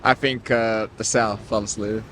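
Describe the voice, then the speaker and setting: A young Australian man with an Australian accent, answering a street interview in a relaxed, hesitant way, full of filler words. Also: on the low side, moderate pace, slight background noise. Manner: relaxed, hesitant, lots of likes and laughs. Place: city street outdoors.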